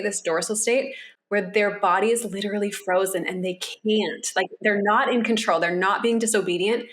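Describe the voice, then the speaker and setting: A woman co-hosting a podcast, explaining with animated delivery and acting out voices she quotes. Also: medium pitch, moderate pace. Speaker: podcast co-host. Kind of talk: conversational explaining.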